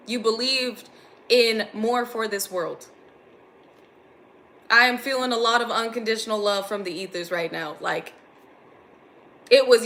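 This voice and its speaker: Bright-voiced woman giving a spiritual reading. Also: fairly high pitch. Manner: earnest, intense, gets emotional. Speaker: spiritual reader.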